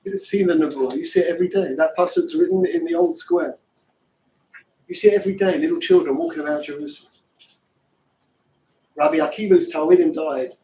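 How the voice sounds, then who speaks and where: A man's voice: fairly high pitch, fairly quick, long pauses. Man, middle-aged, Torah teacher, impassioned, rhetorical questions, distant mic, roomy echo. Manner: fervent, many rhetorical questions, bursts into shouting. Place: classroom. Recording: echoey room from far off.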